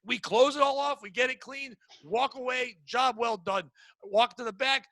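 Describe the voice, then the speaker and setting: High-voiced, bright animated comic man. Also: normal speed, dry recording. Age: 40s. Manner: animated, self-deprecating, swears freely. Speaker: podcast host. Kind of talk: casual comedic storytelling.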